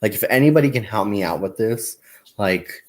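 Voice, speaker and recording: A young man chats through a crafting livestream while he crochets, his pitch rising and falling with lively swings. He rambles, laughs often, and counts stitches aloud. He speaks to the viewers as "you guys" and "y'all". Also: normal speed. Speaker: crafting channel host.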